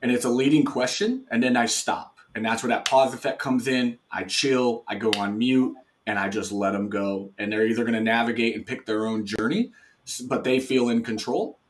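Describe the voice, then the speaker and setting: A man with a fairly low voice talks through his approach in a relaxed, conversational way. He coaches as he goes, leaning on fillers and restarts. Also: slight background noise. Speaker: sales trainer guest. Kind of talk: casual chat.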